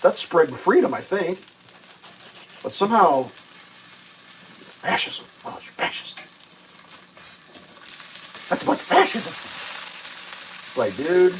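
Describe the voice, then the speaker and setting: A sarcastic woman hosts a live stream from her kitchen, cursing freely as she rants. Her voice sits fairly low but leaps into shrill mocking impressions. Faint sizzling and kitchen noise run behind her. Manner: sarcastic, mocking, swears freely, swoops into high mock voices. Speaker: livestream host. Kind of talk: casual political rant while cooking.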